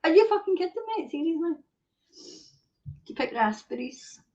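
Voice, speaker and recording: A woman's voice: extremely high pitch, lively intonation, normal speed, darkish tone. A woman hosting a live stream, ranting bluntly and swearing heavily while reading viewer comments. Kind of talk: casual ranting chat. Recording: dull lo-fi stream audio.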